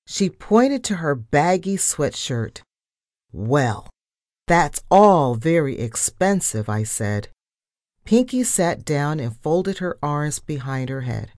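Low, lively woman reading a storybook. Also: slow, dry recording, clean studio sound. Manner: lively, voices the characters' lines. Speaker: narrator. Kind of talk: storybook read-aloud.

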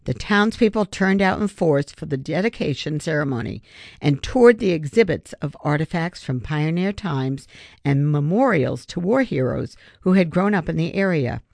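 A narrator reading a children's novel aloud in steady audiobook narration. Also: mid-range voice, normal speed, creaky, dry recording. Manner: steady storytelling.

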